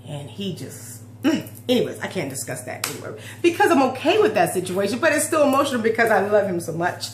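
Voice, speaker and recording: A woman's voice: mid-range voice, very animated, fast. Heartfelt woman in her forties, roomy echo. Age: 40s. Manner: heartfelt, emotional, rambling with restarts. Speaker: fitness vlogger. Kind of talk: personal confessional vlog talk. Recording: roomy echo with faint hum.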